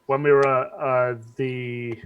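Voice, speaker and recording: A man's voice: mid-range voice, little pitch movement, slow pace, clear, resonant tone, phone-quality sound. A man, a guest cosplayer, chatting casually and hesitantly, with many restarts as he tells a story. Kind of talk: casual chat.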